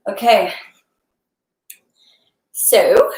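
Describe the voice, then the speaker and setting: A woman's voice: medium pitch, measured pace, echoey room, rough recording. A young woman leading a live yoga class, casual and encouraging, laughing often and a little out of breath as she moves through the poses. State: slightly out of breath. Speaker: yoga instructor.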